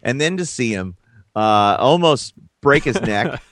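A man co-hosting a podcast in a relaxed way, reacting with short remarks and laughs. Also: mid-range voice, a little slow, no echo, clean studio sound. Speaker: podcast co-host. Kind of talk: casual chat and show promo.

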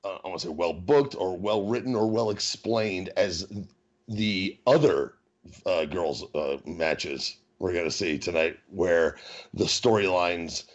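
A man with a fairly low voice chats loosely on a podcast, stumbling over restarts and laughing at himself. The sound is dull and lo-fi. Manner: rambling, halting restarts, laughs at own jokes. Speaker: podcast co-host. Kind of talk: casual wrestling chat. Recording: dull lo-fi recording.

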